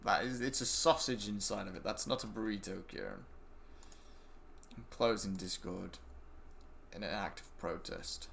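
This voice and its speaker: A man, a game streamer chatting casually and rambling excitably, swearing freely as he talks to friends while he plays. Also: fairly low pitch, moderate pace, gravelly, pauses often, a little hiss or hum. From England. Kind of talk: casual chat while gaming.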